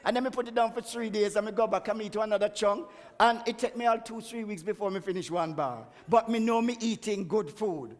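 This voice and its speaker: A man giving a chatty, emphatic health talk at a church and laughing at himself now and then. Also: sits high. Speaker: guest speaker on health. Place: church hall. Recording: echoey church hall.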